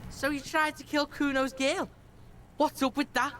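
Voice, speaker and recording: A woman's voice: sits high, level tone, moderate pace, fairly bright tone. A woman voicing a brash, foul-mouthed young street boy in a video game who swears and talks about himself in the third person. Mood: cocky.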